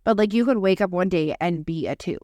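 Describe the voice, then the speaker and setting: A woman's voice: on the low side, animated, fairly quick, darkish tone, no room sound, clean studio sound. A young woman co-hosting a podcast, chatty and swearing casually while reading lists aloud. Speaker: podcast co-host. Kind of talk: casual chat.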